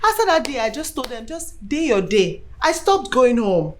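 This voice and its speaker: An actress with a Nigerian accent playing a grieving young pregnant wife who erupts into shouting fury. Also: female voice, fairly high pitch, big pitch swings, normal speed. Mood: troubled. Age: young adult. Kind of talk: film acting.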